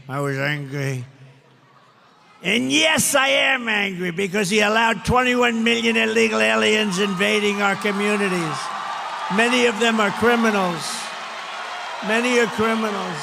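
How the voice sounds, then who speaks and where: An older man giving an emphatic, repetitive campaign rally speech that rises to shouted lines. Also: sits high, measured pace, gravelly, noisy background. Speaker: political speaker at a rally. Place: large indoor rally venue. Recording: echoey hall, faint crowd ambience.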